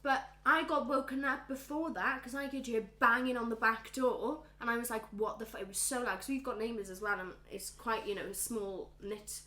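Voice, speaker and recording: Animated woman host, bright tone, slightly high, echoey room. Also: fairly quick, few pauses. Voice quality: animated storyteller who acts out quotes. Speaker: podcast co-host and cook. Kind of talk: casual chat. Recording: roomy echo.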